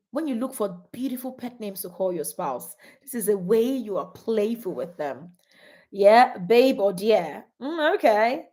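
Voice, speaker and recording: On a live stream, a middle-aged woman whose voice sits on the high side coaches married couples, staying animated, laughing frequently, and reading out comments from viewers.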